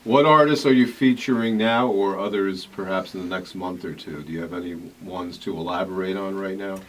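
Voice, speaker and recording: A man's voice: low-pitched, fairly quick. A man hosting a radio interview in a studio, friendly and asking long, rambling questions. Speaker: radio show host. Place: radio studio in New York.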